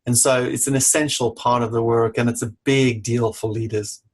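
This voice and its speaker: A man's voice: mid-range voice, fairly even intonation, normal speed. A middle-aged man, a leadership coach, talking bluntly and emphatically in an interview, swearing casually. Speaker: leadership coach and author, podcast guest.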